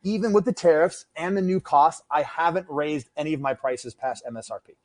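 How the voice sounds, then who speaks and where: A man with a slightly high voice talks in a loose, rambling way on a podcast. He swears freely and keeps poking fun at himself. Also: brisk, darkish tone. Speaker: podcast guest, gear maker. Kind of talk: casual podcast chat. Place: room with adjustable lights.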